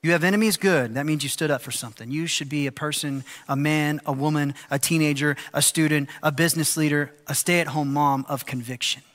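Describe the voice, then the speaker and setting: Animated preacher in a reverberant sanctuary. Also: male voice, fairly high pitch, fairly quick, hardly any pauses. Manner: animated, acts out quoted voices. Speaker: pastor. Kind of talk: sermon. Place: church sanctuary. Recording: long hall reverb.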